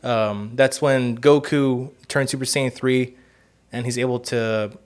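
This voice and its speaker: A man's voice: medium pitch, steady tone, slow pace. A man in casual podcast chat. He rambles and swears, filling his speech with "like" and "you know". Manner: rambling, profane, heavy use of "like" and "you know". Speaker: podcast co-host.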